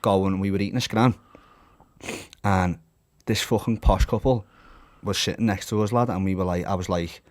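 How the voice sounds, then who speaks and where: A man's voice: low-pitched, steady tone, moderate pace. A young man hosting a casual podcast, blunt and sweary, calling everyone "lad". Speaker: podcast host and fighter. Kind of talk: casual sporty banter. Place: indoor podcast studio.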